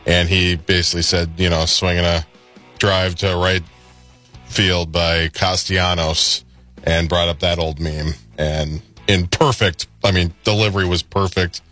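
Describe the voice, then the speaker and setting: A man with a very deep voice recounts a story, halting often with fillers. Faint guitar music plays behind him. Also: little pitch movement, bright, forceful tone. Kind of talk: casual sports chat.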